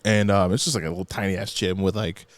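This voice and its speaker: A man's voice: sits low, fairly even intonation, quick pace, dry recording. A man guesting on a podcast as a comedian, telling playful, profane stories in casual chat in a studio.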